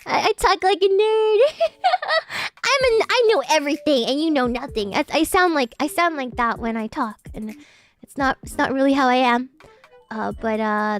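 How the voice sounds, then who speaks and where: A woman's voice: high-pitched, expressive, normal speed, soft background music. A woman streamer chatting casually with her live chat, reading messages and thanking viewers. She talks in a posh, slightly uppity-sounding English and giggles often. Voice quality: formerly very nasal, now loosened.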